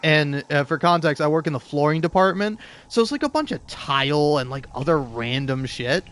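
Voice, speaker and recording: A man's voice: on the high side, expressive, moderate pace, fairly bright tone. A young man telling a long story while playing a game, rambling, restarting his sentences and swearing casually. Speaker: gaming video host.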